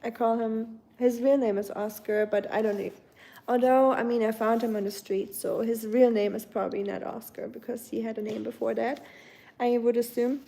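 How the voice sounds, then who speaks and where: A woman's voice: on the high side, fairly even intonation, normal speed, creaky, warm tone. A young woman casually chatting with viewers on a home live stream, rambling with fillers and correcting herself as she talks. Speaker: livestream host.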